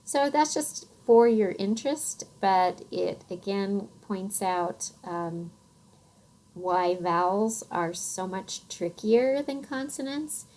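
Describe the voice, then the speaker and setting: A middle-aged woman with a Western American accent, giving a recorded phonics lecture in an unhurried, thoughtful way with many soft fillers. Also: medium pitch, animated, low-quality recording. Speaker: teacher.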